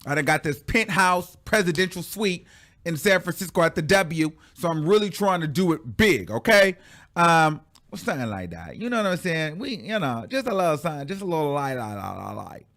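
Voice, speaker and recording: A man hosting a casual pop-culture commentary show, talking in an animated, sassy way, stretching out words for effect and laughing often. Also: on the high side, fairly quick.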